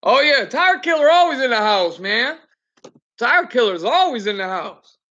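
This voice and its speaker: A man's voice: very high-pitched, big pitch swings, normal speed, bright, forceful tone, muffled recording. A man who drives trucks, chatting casually on a home livestream in a blunt, profane, ranting way, picked up by a computer webcam mic.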